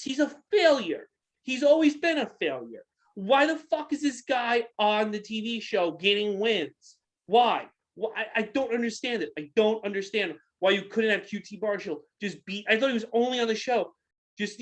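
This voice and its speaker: A man's voice: high voice, expressive, fairly quick, fairly bright tone. Man ranting angrily, swearing hard. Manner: angry, profane ranting with repeated questions. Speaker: podcast co-host. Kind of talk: casual ranting chat.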